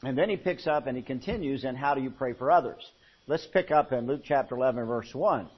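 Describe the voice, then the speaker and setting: A male pastor telling a folksy story in a sermon, swinging from hushed to loud. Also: medium pitch, brisk, husky. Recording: muffled lo-fi sermon recording.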